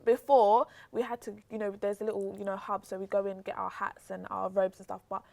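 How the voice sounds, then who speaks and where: A woman's voice: a little fast, vocal fry. A young British woman, a guest telling a story in casual chat, acting out the voices of the people she quotes. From Britain. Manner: animated, acts out quotes with pitch jumps. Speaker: interview guest.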